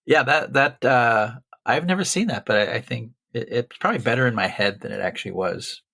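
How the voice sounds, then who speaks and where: Male podcast host, mid pitch, a bit husky, relaxed casual chat. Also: normal speed, no echo. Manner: reads show announcements in a relaxed way. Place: podcast studio.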